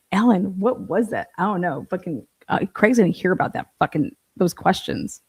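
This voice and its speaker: A woman's voice: fairly low pitch, sing-song, normal speed, darkish tone, husky, no echo. A woman hosting a livestream, reacting crudely and sarcastically to a TV clip, swearing and laughing often. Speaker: livestream host. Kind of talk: casual reaction commentary.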